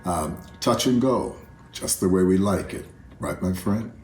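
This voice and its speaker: Deep-voiced older man, reflective tribute. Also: lively intonation, a little slow, slight background noise. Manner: warm, reflective, addresses friend directly. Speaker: artist giving a video tribute. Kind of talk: heartfelt spoken tribute. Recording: roomy self-recorded video message.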